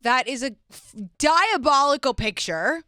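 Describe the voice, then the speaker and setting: A woman's voice: high-pitched, measured pace, dry recording, clean studio sound. A woman hosting an advice podcast, talking frankly and expressively in casual chat. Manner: expressive, frank, reacting with disgust. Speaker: podcast host.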